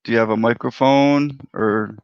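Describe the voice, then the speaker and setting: A man's voice: mid-range voice, steady tone, moderate pace, clear, resonant tone, no room sound. A man hosting a casual livestream chat, laid-back and talkative, greeting viewers by name. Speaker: livestream host. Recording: dry, dull lo-fi audio.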